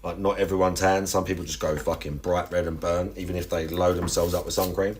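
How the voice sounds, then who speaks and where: A man's voice: deep voice, level tone, a little fast, a little hiss or hum. A young man chatting casually on a livestream, rambling and crude, with lots of restarts and self-mocking asides.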